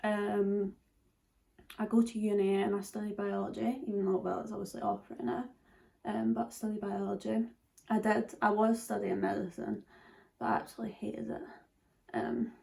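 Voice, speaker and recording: Gravelly young Scottish woman vlogging. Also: medium pitch, a little mellow. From Scotland. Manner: chatty, filler-heavy, drops into whispers at times. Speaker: beauty vlogger. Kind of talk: casual makeup tutorial chat.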